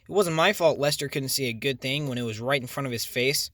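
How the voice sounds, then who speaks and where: A man's voice: medium pitch, a little fast, fairly bright tone, no room sound, clean studio sound, natural voice. A man voicing Carlene, a jealous, sniping woman in an audiobook. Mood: indignant. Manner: sniping, indignant.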